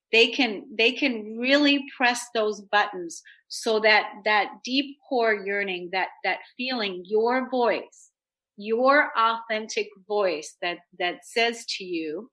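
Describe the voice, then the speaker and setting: Woman talk radio host: bright, upbeat, earnest self-help chat. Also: on the high side, takes it slowly, rough recording.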